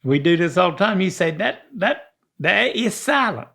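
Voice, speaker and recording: An older man, chatting as a podcast host, folksy and slow, stumbling over words. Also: high voice, very animated, gravelly, fairly bright tone. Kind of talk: casual chat. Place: indoor studio.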